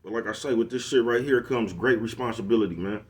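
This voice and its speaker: A man's voice: mid-range voice, fast talker. A middle-aged man, giving a preachy casual monologue to camera and constantly asking if you know what he's talking about. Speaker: social media commentator.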